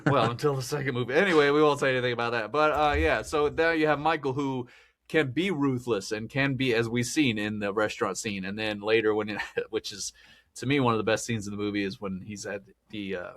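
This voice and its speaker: A man's voice: medium pitch, fairly even intonation, brisk, fairly bright tone. A man hosting a podcast, talking through a film in a rambling, chatty way and laughing often. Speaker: podcast host. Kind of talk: casual film discussion.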